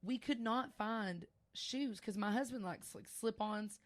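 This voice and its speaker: A young woman with a fairly high voice speaks unhurriedly, with no echo on the recording. Co-hosting a podcast, she chats casually and tells lively stories, laughing frequently.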